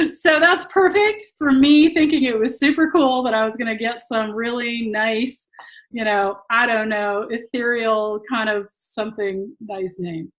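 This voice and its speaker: A woman's voice: on the high side, a little slow, a bit bright, rough recording. Laughing woman teacher on a video call. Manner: laughs often while telling stories. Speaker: tantra teacher. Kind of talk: casual talk to an online audience.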